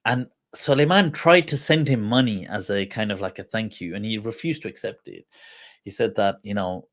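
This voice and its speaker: A man hosting a livestream who tells an old story with quoted dialogue, reciting Arabic quickly before translating it, mixing in Urdu phrases and laughing along the way. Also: on the low side, fairly bright tone. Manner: mixes Urdu phrases into English. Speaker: livestream host and mufti.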